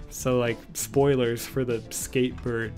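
Guy streamer chatting slow and rambly, lots of "like", soft coo for his cat, mid-pitched voice. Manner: rambling, filler-heavy, coos softly at his cat. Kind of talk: casual live-stream chat. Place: home streaming setup.

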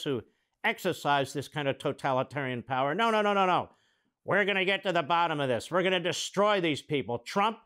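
A man's voice: medium pitch, fairly bright tone, natural voice. A man doing a smug, sing-song congressman. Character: mocking impression of a smug male congressman.

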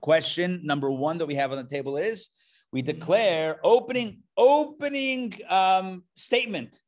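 A man's voice: on the high side, normal speed. A male rabbi teaching a live class, joking and drawing questions from the room. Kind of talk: live interactive lesson. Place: classroom before a live audience.

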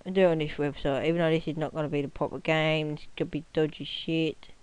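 Rowdy, swearing gamer lad. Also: male voice, fairly high pitch, flat delivery, fast, clear, resonant tone, no echo. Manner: rowdy, swearing, yelling at the game. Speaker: gaming commentator. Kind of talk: casual gameplay commentary.

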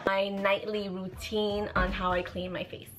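A woman's voice: mid-range voice, flat delivery, a little slow, background noise. A pregnant woman vlogging casually at home, pleading and teasing in playful banter. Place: home living room.

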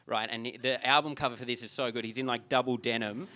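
A man's voice: medium pitch, fairly even intonation, quick pace, bright, forceful tone. A young Australian man performing stand-up comedy on a theatre stage, telling stories in a chatty way full of "like" and "right?" asides. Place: theatre comedy club with a live audience. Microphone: stage microphone. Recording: live stage recording with audience noise.

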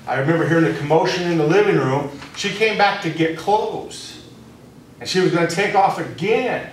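A man with a slightly high voice teaches a spiritual course, telling stories from his own life candidly and directly to a small group. He is recorded from a distance in a very echoey room, with slight background noise.

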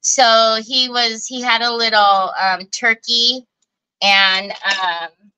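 Slow-talking bright woman. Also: fairly high pitch, steady tone, clean tone, poor audio. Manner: chatty, folksy exclamations, talks to viewers. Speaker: craft show host. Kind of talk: casual livestream craft chat.

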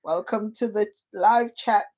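A Jamaican woman in her fifties chats her way through a live quiz with friends. Her voice sits at an ordinary pitch. She teases the players and laughs easily. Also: steady tone, darkish tone, husky. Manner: chatty, teasing, quick to laugh. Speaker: quiz co-host. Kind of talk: casual live-chat quiz hosting.

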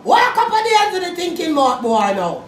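A woman with a Jamaican accent delivering a loud, profane comedic rant, often shouting. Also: very high voice, big pitch swings, normal speed, slight background noise. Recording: roomy, distant from mic.

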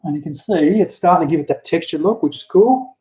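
A man talks through his hobby project in a loose, easygoing way, swearing now and then as he works. His voice sits a touch high for a man. The sound is dull and lo-fi, picked up by a handheld camera. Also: fast talker. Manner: relaxed, chatty, mildly profane, talks while working. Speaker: hobby model builder, channel host. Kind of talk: casual how-to crafting chat. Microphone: handheld camera mic.

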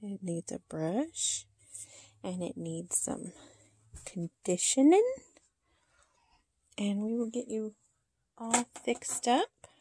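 A woman's voice: medium pitch, takes it slowly, pauses often, mellow, slightly rough. Giggly woman cooing over a doll. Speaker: reborn doll collector and vlogger. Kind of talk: casual unboxing chat.

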